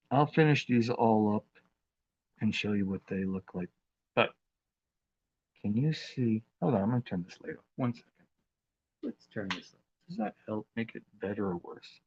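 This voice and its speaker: A man hosting a live craft demonstration, talking in an unhurried, chatty way with plenty of fillers as he works with his hands. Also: fairly low pitch, animated, darkish tone, breathy edge, dull audio. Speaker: craft demo host.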